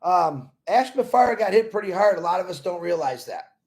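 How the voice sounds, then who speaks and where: Earnest, gravelly-voiced man. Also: sits high, very animated, brisk. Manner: earnest, rambling, repeats himself. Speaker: company supporter talking to members. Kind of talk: casual motivational talk.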